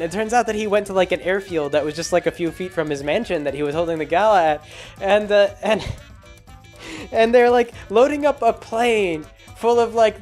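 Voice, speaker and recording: A man's voice: high voice, a little mellow. A man rambling sarcastically through a casual movie recap, full of fillers and restarts. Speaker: vlogger.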